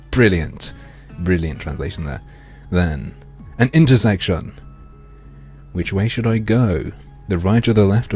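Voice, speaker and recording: Reading the game's text in a playfully overdramatic way, this streamer tosses in sarcastic remarks laced with swearing. His voice is deep and a little mellow, and his strained throat needs frequent clearing.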